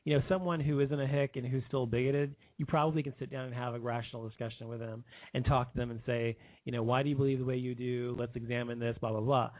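A man in his thirties delivers a rambling, heated personal monologue at a middling pitch, often stopping and starting over mid-sentence. The sound is thin and phone-like, with no room echo at all. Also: flat delivery, fast talker, few pauses. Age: 30s. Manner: rambling, heated, many restarts. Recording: tinny phone-like line.

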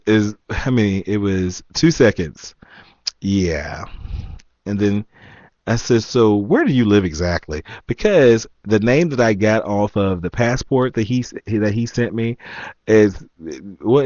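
A man's voice: lowish voice, darkish tone, no room sound. A man from the United States casually telling a story to his viewers, amused and laughing as he reads messages aloud in a wry tone. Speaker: vlogger. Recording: slightly dull, lo-fi sound.

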